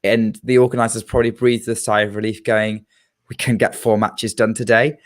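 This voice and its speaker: A man's voice: fairly low pitch, level tone, brisk. A man co-hosting a tennis podcast, talking casually and hesitantly with many filler sounds. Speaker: podcast co-host.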